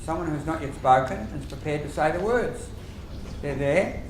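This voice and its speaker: A man with an Australian accent giving a lively workshop lecture to teachers, quizzing the audience and acting out classroom phrases. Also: on the high side, moderate pace, slight background noise. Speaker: lecturer on behaviour management.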